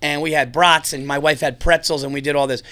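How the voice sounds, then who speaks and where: A man hosting a casual radio talk show, rambling and excitable, often cutting in on his guests. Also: on the high side, fairly quick. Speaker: podcast host. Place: radio studio.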